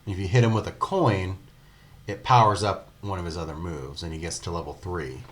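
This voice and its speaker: Deep-voiced rambling male podcaster. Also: a little fast. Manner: rambling, filler-heavy, laughs often. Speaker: podcast co-host. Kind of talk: casual gaming podcast chat.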